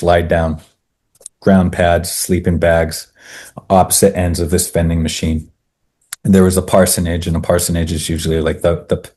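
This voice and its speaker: A man from Maine, a podcast guest, telling a story in a relaxed conversational way, often restarting his sentences and adding asides. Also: deep voice, husky. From Maine, USA.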